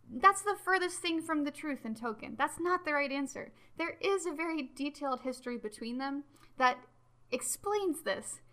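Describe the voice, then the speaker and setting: Bright-voiced, excitable woman podcast host. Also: high-pitched. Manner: animated, excitable and self-mocking about being a nerd. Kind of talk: enthusiastic casual podcast talk.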